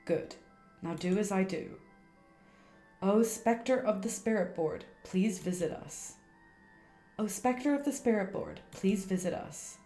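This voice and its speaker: A woman voicing a calm, serious male occult guide from a game, speaking in a measured, instructive way. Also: medium pitch, roomy sound, soft background music, close to an everyday voice. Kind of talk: reading game dialogue aloud on stream.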